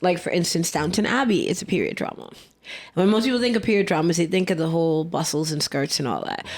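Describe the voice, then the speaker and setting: A woman's voice: fairly low pitch, fast talker. A woman in her thirties chatting casually as a podcast co-host, rambling with plenty of fillers and talking with food in her mouth. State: eating while talking. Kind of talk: casual chat.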